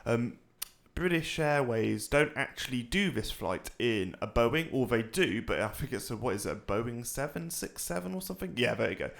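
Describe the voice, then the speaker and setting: A man's voice: mid-range voice, lively intonation, moderate pace, creaky, few pauses, fairly bright tone. A young man hosting a casual flight simulator tutorial, rambling and self-mocking, with the odd swear. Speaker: flight sim tutorial host. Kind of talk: casual screen-recorded tutorial chat.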